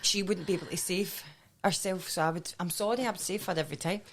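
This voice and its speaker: A Scottish woman co-hosting a casual chat, loud and sweary, laughing often. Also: lowish voice, steady tone, fast, a little hiss or hum. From Scotland. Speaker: co-host.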